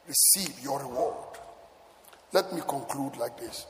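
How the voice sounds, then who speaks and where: A man's voice: fairly high pitch, normal speed, slight background noise. A male preacher delivering a sermon with emphatic, sing-song exhortation to his congregation. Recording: echoey hall with faint music.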